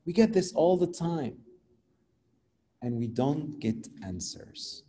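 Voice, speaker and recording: A man preaching a sermon and telling a story animatedly, dropping from loud to quiet, with non-native phrasing. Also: fairly high pitch, sing-song, takes it slowly, pauses often. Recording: long hall reverb.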